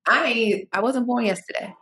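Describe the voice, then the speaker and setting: A woman's voice: a little high, normal speed. A woman co-hosting a podcast in casual chat, blunt and swearing freely, acting out quoted reactions in different voices. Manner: animated, acts out quoted reactions in varied voices. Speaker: podcast co-host.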